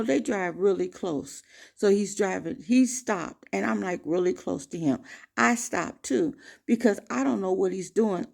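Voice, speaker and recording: A woman vlogger telling a personal story to camera in an emphatic, animated way. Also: mid-range voice. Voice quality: gravelly.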